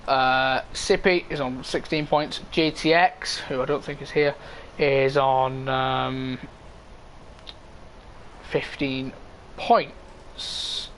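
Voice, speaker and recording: A man's voice: mid-range voice, steady tone, very slow, long pauses, fairly bright tone, a little hiss or hum. A man commentating live on an online racing league, casually reading standings and chatting with viewers. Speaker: esports race commentator.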